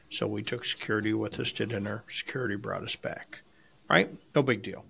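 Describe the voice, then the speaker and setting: A man's voice: fairly low pitch, steady tone, a little fast, creaky, bright, forceful tone, breathy edge. A man co-hosting a barbecue podcast, telling rambling anecdotes in a casual, salty, storytelling way. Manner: rambling anecdotes with frequent restarts, salty language. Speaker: podcast co-host and competition barbecue cook.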